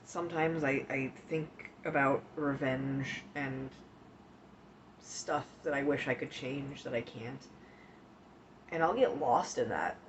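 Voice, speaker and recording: A woman streamer chatting casually with her viewers, emotional and tearful at times, talking in slow, halting bits with many pauses. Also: extremely low pitch. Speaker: live streamer. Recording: dull lo-fi stream audio with faint hiss.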